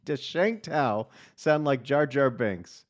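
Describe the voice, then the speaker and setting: A man's voice: mid-range voice, animated, slow pace, muffled recording. A middle-aged man hosting a call-in talk radio show, chatty and upbeat as he takes calls. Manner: upbeat, chatty, reads the phone number often. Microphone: studio microphone.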